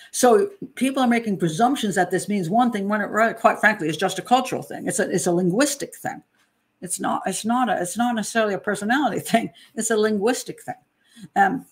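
Chatty older woman from New Jersey. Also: medium pitch. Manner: chatty, self-deprecating, with frequent laughs and restarts. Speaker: criminal profiler hosting her channel. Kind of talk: casual monologue on a true-crime case.

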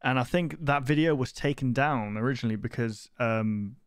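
A man's voice: medium pitch, moderate pace, smooth, dry recording, clean studio sound. A man live-streaming a game, rambling and easily sidetracked, swearing often. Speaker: gaming streamer. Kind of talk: live-stream gameplay commentary.

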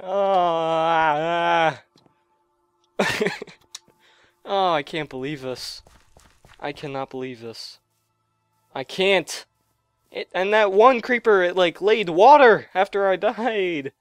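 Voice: medium pitch, lively intonation, slow, pauses often, dry recording, clean studio sound. A gamer giving let's play commentary while thinking aloud, gasping and yelping whenever something surprising happens.

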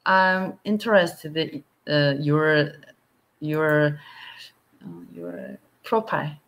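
A woman learning English, speaking haltingly and searching for words on a video call. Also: low voice, fairly bright tone. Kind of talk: casual conversation lesson.

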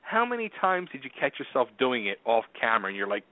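A man's voice: medium pitch, big pitch swings, fast, dry recording. A male radio host in easy conversation, often stumbling over how he starts his questions. His voice is dry and close, with a narrow, phone-like tone. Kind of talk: radio interview.

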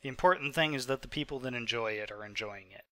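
With a mid-range, slightly bright voice at a quick pace and no echo, a sick twenty-five-year-old man hiccups through rambling, filler-heavy commentary on his own recorded gameplay for his gaming channel.

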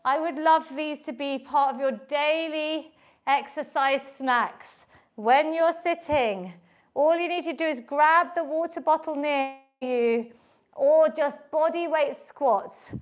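A middle-aged woman, leading a home workout, counting reps and calmly coaching form. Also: sits high, takes it slowly. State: out of breath at times. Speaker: fitness instructor. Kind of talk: live workout instruction.

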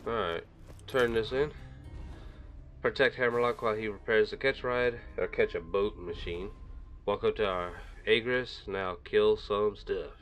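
Man, low voice, gameplay commentary, chatty, rambling, mic set back, faint game music. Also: a little slow, a bit bright. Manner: chatty, rambling, talks to himself. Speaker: gaming video creator. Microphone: desk microphone set a little far away.

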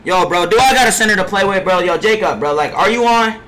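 A young man streaming a basketball game, cursing at teammates, trailing into low mutters, sometimes shouting from farther off the mic. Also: fast talker. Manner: frustrated trash talk, profanity-heavy, drops into low mutters; bursts into far-off shouts at teammates. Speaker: gaming streamer. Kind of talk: live gameplay commentary.

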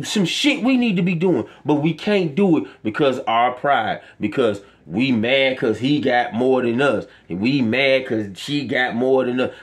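A man's voice: medium pitch, slightly rough. A man, speaking straight to his viewers. He rants with passion and profanity, preaching his point again and again. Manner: impassioned, profane, preachy ranting. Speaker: vlogger. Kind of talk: emotional monologue to camera.

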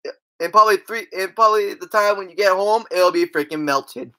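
A woman with a mid-range, sharp-toned voice talks a little fast as she delivers stand-up style comedy. Her stories ramble and stumble, full of restarts, and she tosses in crude, brash asides.

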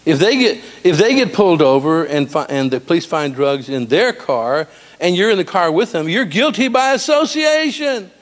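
A man preaching a sermon in a church, animated and storytelling with humor. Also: high voice, normal speed. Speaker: pastor. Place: church sanctuary.

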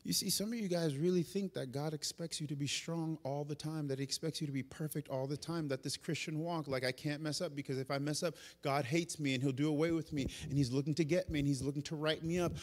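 High-voiced pastor preaching in a reverberant hall. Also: male voice, steady tone, fast talker, hardly any pauses. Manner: impassioned, swinging from loud urgent peaks to quiet intimate asides; acts out prayers and God's replies in the first person. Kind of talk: sermon. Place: church sanctuary.

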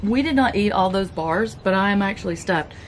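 Her mid-range voice is expressive and fairly quick, with a little hiss or hum behind it. A Southern US woman who vlogs about keto, she chats in a relaxed, talkative way while reviewing keto snacks, speaking as she chews.

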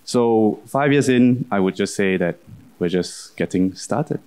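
A man's voice: lowish voice, measured pace, dark tone, clear, resonant tone. A man answering on a conference panel, candid with wry, sarcastic asides. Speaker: panelist, company country manager.

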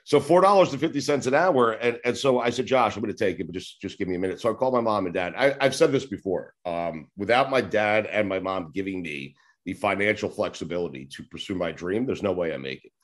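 A man's voice: on the low side, fast. A man in his forties from New York, a sports radio host telling long rambling stories in a casual interview, swearing now and then. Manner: rambling, acts out old conversations, swears casually.

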